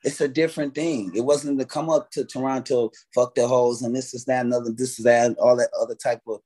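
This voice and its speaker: A man's voice: medium pitch, little pitch movement, fast, mellow. A man, a guest artist telling stories in a casual interview, swearing freely and acting out his own past reactions. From United States.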